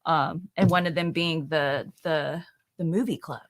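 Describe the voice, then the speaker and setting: A woman's voice: low voice, fairly even intonation, measured pace. A woman with a country accent co-hosting a casual live chat, bubbly and rambling, laughing often. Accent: Southern US country. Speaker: co-host, English teacher.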